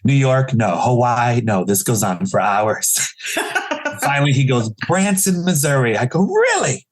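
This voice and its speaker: A comedian in his forties from Chicago, telling stories in a casual interview and acting out the people he quotes with big jumps in pitch. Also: big pitch swings, a little slow. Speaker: guest comedian.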